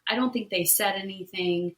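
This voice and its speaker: A woman's voice: mid-range voice, moderate pace, fairly bright tone, roomy sound, low-quality recording. A woman co-hosting a casual podcast, retelling a reality show episode step by step with frequent "um"s and "right?". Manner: recaps events step by step with many "um"s and "right?". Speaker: podcast co-host.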